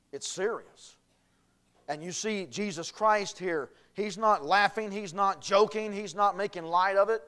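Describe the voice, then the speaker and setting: A pastor with a high voice preaches in a church, dropping to low earnest tones and then rising to shouted declarations. He is a man, and his voice carries through the sanctuary. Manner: swings from quiet earnest talk to shouted emphasis. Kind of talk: sermon.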